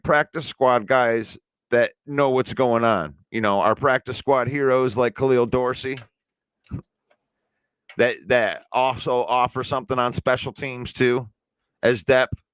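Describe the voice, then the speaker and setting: A man hosting a casual sports talk stream. He answers the chat with pointed argument and sometimes slows down to drive a point home. His voice is mid-pitched and recorded dry and close. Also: steady tone, a bit bright, clean tone, no room sound. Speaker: sports show host.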